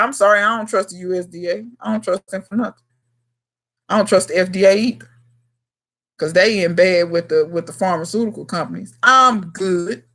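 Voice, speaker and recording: A woman in her thirties chatting live with her viewers, blunt and emphatic with plenty of slang. Her voice sits at an ordinary middle pitch, and she speaks straight to her audience. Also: a bit bright. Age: 30s. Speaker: gardening channel host. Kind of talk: casual livestream chat answering viewers.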